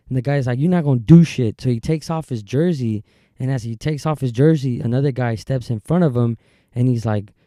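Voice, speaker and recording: A man's voice: mid-range voice, dark tone, no room sound, clean studio sound. A man hosting a solo podcast, telling a story casually, with rambling asides and many fillers and restarts. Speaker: podcast host.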